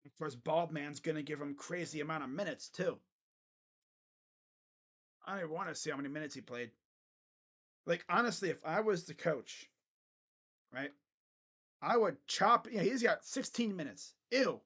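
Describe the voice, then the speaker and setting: Loud, crude young sports fan man. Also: on the high side, lively intonation, moderate pace, pauses often. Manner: blunt, crude joking with loud bursts. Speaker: sports channel host. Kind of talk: casual live game reaction. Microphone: webcam setup.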